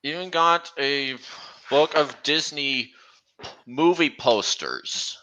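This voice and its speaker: A man chatting casually on a stream, talking slowly and haltingly with frequent restarts. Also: fairly high pitch, sharp tone, low-quality recording. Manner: halting, many restarts, slow and meandering. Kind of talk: casual chat.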